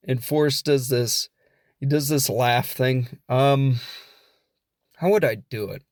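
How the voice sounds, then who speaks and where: A man with a Midwestern American accent recaps a film on his podcast in a loose, rambling, joking way, often poking fun at himself. His voice sits at a middling pitch for a man. The sound is dry and close, with no room around it. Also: slow, pauses often, darkish tone, no room sound. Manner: rambling, jokey, self-deprecating. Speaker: podcast host. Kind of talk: casual comedic film recap.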